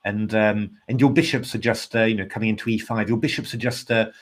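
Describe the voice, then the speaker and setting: A tired man talking through chess moves in casual live commentary, thinking out loud with plenty of ums and restarts. His voice sits a little low, and he stays polite and self-deprecating. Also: fairly even intonation, quick pace. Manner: thinking aloud, hesitant with many fillers, polite and self-deprecating. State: tired, yawning.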